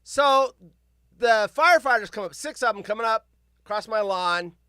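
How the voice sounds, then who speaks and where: Bright, crisp-voiced man telling a story. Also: high voice, moderate pace, no room sound, clean studio sound. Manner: animated, self-mocking, acts out other people's lines. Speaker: live stream host. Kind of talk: casual storytelling to chat. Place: his home office.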